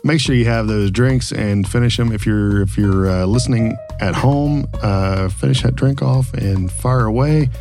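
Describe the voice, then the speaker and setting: A man's voice: lowish voice, normal speed, hardly any pauses, music in the background. A man hosting a casual podcast over drinks, laughing often and teasing his guests. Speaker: podcast host.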